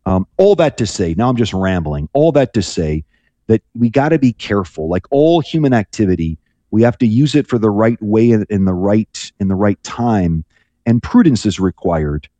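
Low, mellow-voiced priest talking on radio. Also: male voice, dry recording. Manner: thoughtful, rambling with frequent restarts. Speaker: priest guest on call-in radio. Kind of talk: reflective radio talk.

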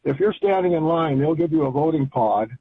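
An older man calls in to a radio show, rambling in a folksy, enthusiastic way. His voice sits a little high and comes through husky. The sound is thin and narrow, like a phone line. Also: animated, brisk, dry recording. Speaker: caller. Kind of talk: casual call-in chat.

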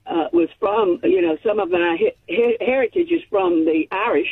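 A caller phoning in to a talk radio show, earnest and halting, a bit hoarse from a cough. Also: medium pitch, very animated, dry recording. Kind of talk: phone-in call. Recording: tinny phone line.

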